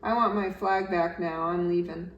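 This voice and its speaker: A man's voice: high-pitched, fairly even intonation, normal speed, muffled recording. A woman voicing a proud young male bear in a children's storybook read-aloud, speaking firmly and emphatically. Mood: angry. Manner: firm and emphatic, slightly louder than the narration. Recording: roomy echo, slightly distant mic, faint background noise.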